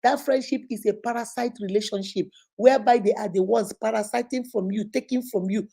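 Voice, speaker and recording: Speaking directly to her viewers in a casual vlog, a Nigerian woman online influencer has a fairly high, mellow voice that is also brisk, creaky and slightly rough. She tells lively stories, slips into other people's voices and stays chatty and full of exclamations.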